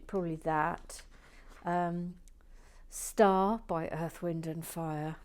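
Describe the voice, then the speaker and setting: A woman with a lowish voice gives soft-spoken building commentary and drifts between quiet talk and whispers. She speaks very slowly and unhurriedly, with playful little asides. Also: smooth. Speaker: Lego build channel host.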